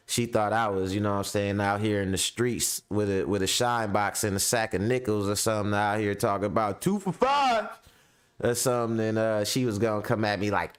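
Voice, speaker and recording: In a clean tone, a middle-aged man hosts a casual commentary show, telling stories in slang and acting out voices in a high, squeaky pitch.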